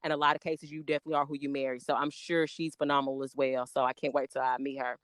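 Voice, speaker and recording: A woman chats eagerly on a podcast, her words tumbling out in excitement. Her voice is smooth and clear, recorded close in a dry space. She slows down to spell names letter by letter. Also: a bass voice, no echo. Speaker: podcast guest, makeup artist. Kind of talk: casual podcast chat.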